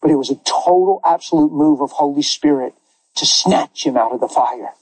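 A man preaching as a pastor, telling a story with lively acted-out quotes and frequent laughter. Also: a little high, moderate pace, husky, no room sound, low-quality recording. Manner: animated, laughs often, acts out quoted voices. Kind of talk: sermon storytelling.

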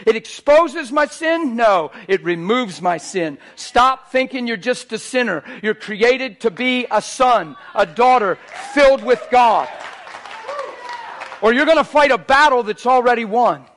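Preacher guy, high voice, gets loud and fired up, then drops real quiet. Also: unhurried, some chatter behind, a little hiss or hum. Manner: animated, rising to near shouts. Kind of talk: sermon.

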